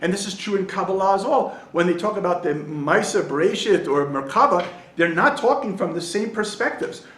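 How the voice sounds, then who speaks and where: A man's voice: high voice, brisk, few pauses, roomy sound. A man, a rabbi, teaching a Torah class to a group and telling jokes and stories along the way. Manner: animated storyteller, tells jokes and acts out voices. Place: study hall in Jerusalem.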